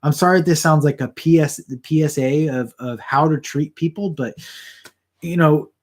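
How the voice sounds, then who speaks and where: Guy rambling at his camera a few feet off, kinda high voice, lots of restarts and repeats. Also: normal speed. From Southern California. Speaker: vlogger talking to camera. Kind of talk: casual rambling chat. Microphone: camera about four feet away.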